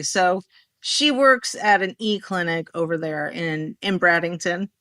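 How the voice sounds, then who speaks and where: Bright-voiced animated woman telling a story. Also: medium pitch, measured pace, dry recording. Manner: animated, rambling, acts out quoted dialogue. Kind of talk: casual storytelling in a podcast conversation.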